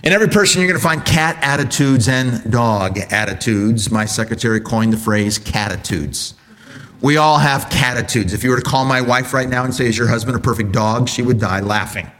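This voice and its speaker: Animated man preaching a sermon. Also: a little fast. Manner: animated, swings from loud mock-enthusiasm to low earnest tones; addresses congregation with rhetorical questions.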